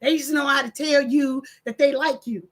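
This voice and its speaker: An older woman hosts her channel in loose, casual chat. Her voice sits high, and she tells her stories with energy, putting on the voices of the people she quotes. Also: fairly quick. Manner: animated storytelling with quoted voices. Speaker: channel host. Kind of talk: casual chat reading comments.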